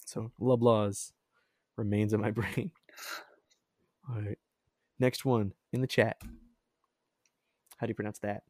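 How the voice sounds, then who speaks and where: A man's voice: on the low side, flat delivery, takes it slowly, long pauses, a little mellow, no room sound, clean studio sound. A man hosting a podcast in casual chat, rambling and chatty, often laughing. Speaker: podcast host.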